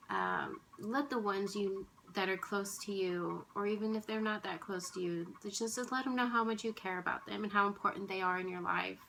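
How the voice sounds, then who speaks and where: A woman vlogger, tearful and emotional, speaking softly and haltingly in casual chat at home. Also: medium pitch, gravelly, a little hiss or hum, low-quality recording. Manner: soft-spoken, halting, with restarts and sighs.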